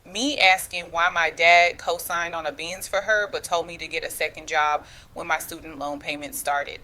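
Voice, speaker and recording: A woman's voice: deep voice, steady tone, normal speed, pushed and bright. A woman in her thirties telling a personal family story in the first person, slangy and confiding, speaking straight to the listener. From United States.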